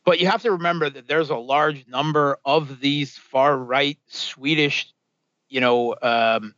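A man of middle pitch analysing politics on a talk show. He speaks in a measured way and often pauses on "uh" and restarts his sentences. The sound is dull and slightly lo-fi, and the room is dry. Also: fairly even intonation, a bit bright, no room sound. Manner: measured, with frequent fillers and restarts. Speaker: guest analyst.

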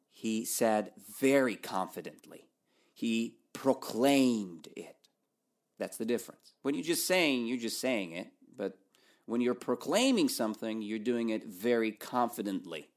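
A man teaching through a story, asking his listeners questions and answering them himself in a playful way. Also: medium pitch.

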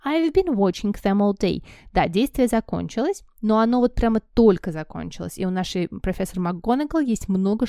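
A woman teaching an English lesson, explaining grammar and translating in a patient, explanatory way. Her voice is mellow, and the recording is dry and close. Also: mid-range voice, no echo. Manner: explanatory, addresses class as guys.

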